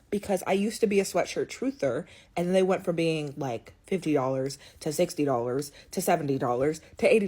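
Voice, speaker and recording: A woman's voice: mid-range voice, husky. A young woman giving blunt, sarcastic opinions in a casual monologue, swearing freely. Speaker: video commentator.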